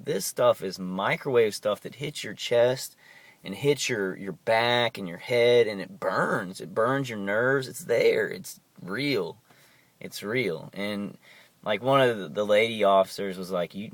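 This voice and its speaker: A young man with a lowish voice speaks in an agitated, rambling way, circling back over the same words again and again. He talks to his camera from home in a loose, unscripted monologue. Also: no room sound. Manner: agitated, rambling, repeats himself. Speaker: vlogger. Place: inside his house.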